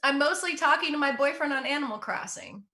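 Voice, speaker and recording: A young woman doing stand-up from home over a computer mic, upbeat and self-mocking. Her voice is bright and a bit high, and she talks with lively energy. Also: fast talker. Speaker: stand-up comedian. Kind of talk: stand-up comedy set. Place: at home in front of a green screen. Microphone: computer mic for an online show.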